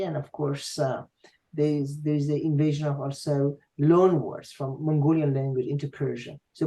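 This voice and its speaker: A man tutoring a student online, explaining patiently with frequent pauses and fillers. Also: a little high, darkish tone, rough recording. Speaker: language tutor.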